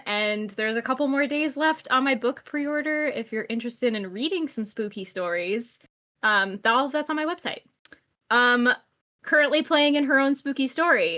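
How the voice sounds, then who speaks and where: A woman's voice: on the high side, sharp tone. A woman introducing herself as a player, friendly and a bit self-effacing. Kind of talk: casual chat.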